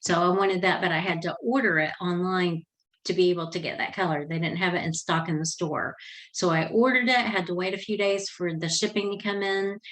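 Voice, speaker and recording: A woman's voice: fairly low pitch, steady tone, fairly quick, fairly bright tone, low-quality recording. An older woman telling a personal story in an earnest, chatty way, with a few restarts as she goes. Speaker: Christian vlogger.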